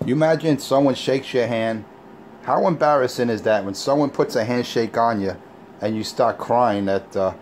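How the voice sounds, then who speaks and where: A man's voice: on the low side, darkish tone, a little hiss or hum. Taunting, profane man hosting. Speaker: show host. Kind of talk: casual mocking chat.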